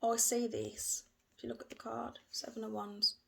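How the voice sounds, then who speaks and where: Gravelly-voiced woman reading tarot. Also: a little high, flat delivery, moderate pace. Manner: gentle, repetitive, emotional. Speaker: tarot reader.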